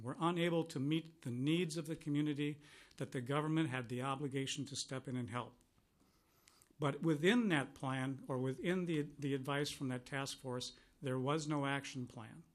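A middle-aged man, a county commissioner, giving formal testimony to a legislative committee in an earnest, emphatic way, repeating words for stress. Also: on the high side. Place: legislative hearing room.

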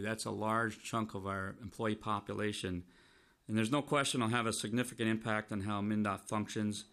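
A man, a state transportation commissioner giving formal testimony to a committee. He is losing his voice and keeps clearing his throat, and he speaks in a measured way with restarts. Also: lowish voice, fairly bright tone.

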